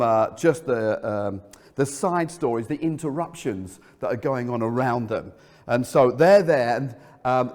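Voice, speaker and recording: A man preaching a sermon as pastor, telling a story vividly and dropping his voice low for emphasis. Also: a little mellow. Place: church hall. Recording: church hall reverb.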